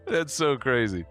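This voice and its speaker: A man's voice: mid-range voice, fairly bright tone. A man giving comedic reaction commentary, joking and laughing with casual swearing. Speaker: commentary host.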